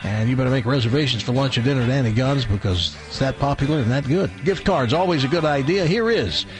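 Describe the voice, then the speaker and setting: A male radio show host telling a long joke in a casual, animated way, acting out the characters' lines. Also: mid-range voice, quick pace, over music. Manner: animated storyteller, acts out shouting robber lines.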